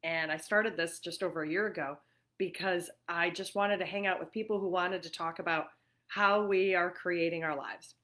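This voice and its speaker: A middle-aged woman hosts a relaxed livestream chat from her own living room. Her voice sits slightly low, and she talks in loose, rambling runs, full of fillers and easy laughter. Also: moderate pace. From New York. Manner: chatty, warm-hearted and laughing often, with many fillers. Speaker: livestream host.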